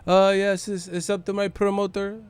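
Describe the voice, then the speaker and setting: A hesitant male boxer with a Filipino accent, as a man puts him on, speaks in a pitched-up voice. He stumbles through every sentence on "uh" and "um", and the quiet delivery sits a little back from the mic. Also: level tone, smooth, close to an everyday voice. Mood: halting accented. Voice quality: halting, full of "uh" fillers.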